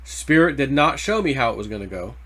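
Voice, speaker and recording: Guy rambling casually about crypto prices, mid pitch, slangy, gets hyped easy. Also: husky. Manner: rambling, excitable, quick to get worked up over price ticks. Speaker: crypto channel host. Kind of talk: casual market commentary.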